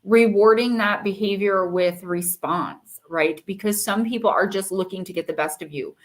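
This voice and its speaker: A woman hosting a live-stream oracle card reading, talking in a loose, chatty way full of fillers. She reads the card meanings aloud at an ordinary mid pitch. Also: normal speed.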